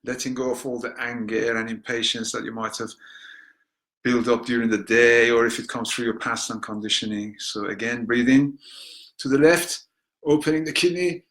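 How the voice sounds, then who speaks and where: A man teaching a guided healing meditation, gentle and unhurried, dropping to soft spoken affirmations and breaking off for chatty, joking asides. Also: mid-range voice, fairly even intonation.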